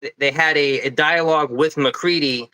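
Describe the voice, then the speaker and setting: A man with a very bright, forceful voice in a casual podcast discussion. He talks in quick, animated bursts and often restarts his sentences. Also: a little high, low-quality recording. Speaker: podcast co-host.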